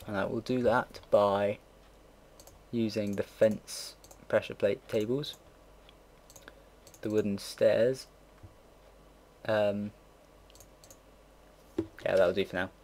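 A man's voice: fairly low pitch, fairly even intonation, takes it slowly, pauses often, darkish tone. A young man in his late teens, casually rambling and swearing while narrating a computer build. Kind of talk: casual gameplay commentary. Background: keyboard typing and mouse clicks.

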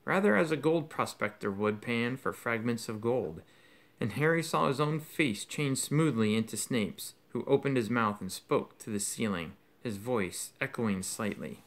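A man's voice: mid-range voice, animated, measured pace. A man reading a novel aloud as an audiobook, telling the story expressively. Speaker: audiobook reader.

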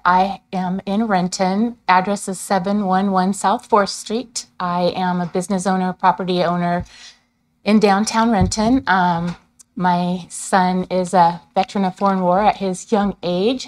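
A middle-aged woman, a business owner, giving an earnest, somewhat rambling public comment at a city council meeting. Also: mid-range voice. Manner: earnest, rambling, hesitant with ums. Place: council chamber.

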